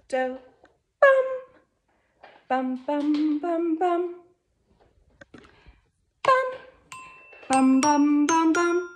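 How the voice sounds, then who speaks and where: A woman's voice: mid-range voice, a little hiss or hum. A woman giving a casual home music lesson, enthusiastic and passionate, singing note syllables as she explains, filmed on a phone with her baby nearby. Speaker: music teacher. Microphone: phone camera.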